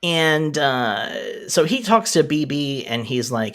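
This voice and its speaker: A man co-hosting a casual show chat, animated and laughing often as he recaps scenes. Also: fairly high pitch, slow, few pauses. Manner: animated, laughing, quoting characters in asides. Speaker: podcast co-host.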